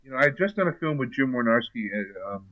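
An older man, an actor guest, chatting in an interview with many restarts and a steady "you know". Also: mid-range voice, quick pace, no echo, phone-quality sound. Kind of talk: casual interview chat.

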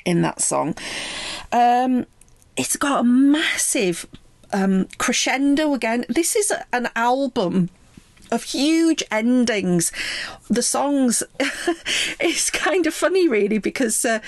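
A woman chats her way through a favourite album in a relaxed, rambling spoken review. She speaks slowly and takes her time with each thought. The sound is close and dry, with no room echo. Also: medium pitch. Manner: relaxed and chatty, with frequent ums and laughs. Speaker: music reviewer.

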